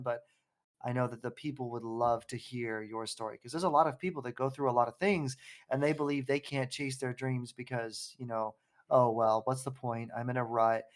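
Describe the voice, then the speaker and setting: A man hosting a podcast, chatting in a playful, animated and rambling way. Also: medium pitch. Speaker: podcast host. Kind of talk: casual chat.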